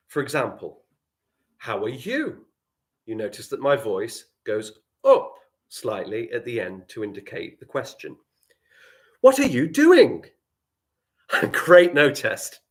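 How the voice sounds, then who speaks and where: Male primary teacher, English accent, lively up-and-down pitch, playful, talking to children online. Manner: animated, playful, dropping to quiet asides. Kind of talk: live online writing lesson.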